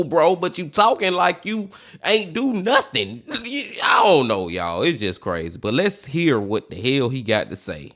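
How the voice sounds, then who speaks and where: A man's voice: high-pitched, big pitch swings, normal speed, a bit bright. A man hosting a reaction video, talking in a blunt, profane, exasperated way as he comments on what he watches.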